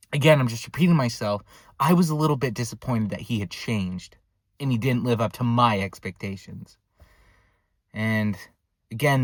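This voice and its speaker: A young man telling a casual story for his vlog, rambling with lots of filler words, recorded in a dark room at home. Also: medium pitch, no room sound. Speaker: vlogger.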